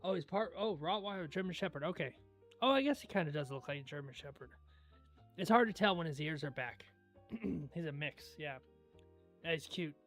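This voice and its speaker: A young man hosting a livestream in casual chat, laid-back and rambling into stories, often clearing his throat. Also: fairly high pitch, lively intonation, moderate pace, a bit bright, soft background music. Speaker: livestream host.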